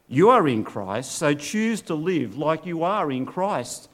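Middle-aged man preaching, lively pitch. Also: slow. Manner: earnest preaching with rhetorical questions. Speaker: pastor. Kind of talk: sermon.

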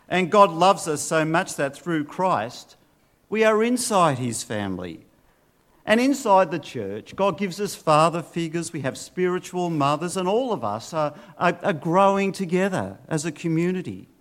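Middle-aged man preaching, lively pitch. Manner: earnest preaching with rhetorical questions. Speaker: pastor. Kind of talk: sermon.

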